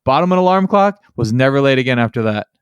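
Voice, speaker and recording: Man, podcast host, casual rambling talk, middle pitch, dry close sound. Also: expressive, quick pace, clear, resonant tone, no echo. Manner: rambling storyteller, heavy use of "like" and "you know". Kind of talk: casual interview chat.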